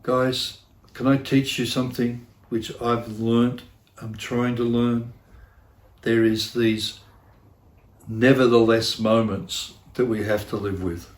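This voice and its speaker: A man's voice: medium pitch, little pitch movement, slow. Earnest male pastor in an echoey church. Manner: earnest, repeats phrases for emphasis, self-deprecating. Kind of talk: sermon.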